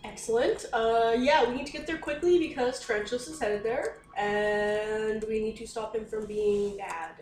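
A woman's voice: a little high, fairly even intonation, unhurried, few pauses, a little mellow. A woman playing in a casual tabletop game, blunt and joking. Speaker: player. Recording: roomy recording, faint music.

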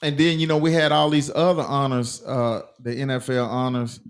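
A man's voice: medium pitch, level tone, normal speed. A man co-hosting a casual sports podcast, laid-back and rambling, with many fillers. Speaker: podcast co-host.

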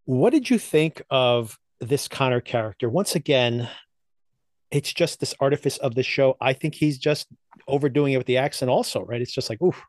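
With no room sound around him, a male podcast co-host speaks in a mid-range voice at a moderate pace. He recaps and reviews TV episodes casually, using loose, chatty phrasing sprinkled with frequent laughs and fillers.

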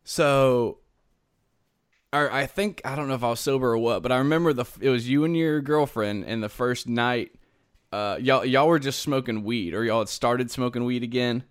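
A man's voice: mid-range voice, normal speed, clean tone, dry recording, clean studio sound. A male podcast host telling a long personal story in casual chat, self-mocking and laughing as he goes.

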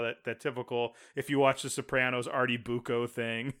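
A man's voice: mid-range voice, little pitch movement, moderate pace, hardly any pauses, a bit bright, clear, resonant tone. A man co-hosting a casual chat about a sitcom. He rambles, corrects himself and chuckles as he talks. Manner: rambling, self-correcting, chuckles while talking. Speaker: podcast co-host.

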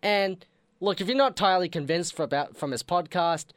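A man's voice: high voice, fairly quick, dry recording, clean studio sound. A man co-hosting a comedy podcast, plugging shows in a playful, joking way. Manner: playful, promotional. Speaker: podcast co-host.

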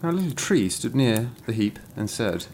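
A man's voice: normal speed, vocal fry, slight background noise. A man hosting a podcast, reading a folk tale aloud in a playful way and jumping his voice up for the repeated refrains. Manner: animated, rising into excited high voices for repeated refrains. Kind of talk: playful read-aloud with banter.

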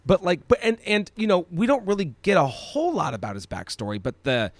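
A man with a fairly high voice talks films on a podcast, his pitch leaping up and down as he gets excited. He stammers and restarts often and lets a swear slip. The sound is dry and close. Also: fairly quick, no echo. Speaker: podcast co-host. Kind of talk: casual film discussion.

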